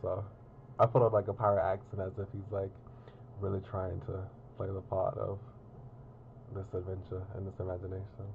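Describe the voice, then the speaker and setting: A man's voice: low-pitched, completely flat delivery, moderate pace, creaky, narrow, tinny audio, background noise. A man reading through a visual novel on stream, narrating and chatting about it in a rambling, casual way with lots of fillers. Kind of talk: casual game commentary and narration.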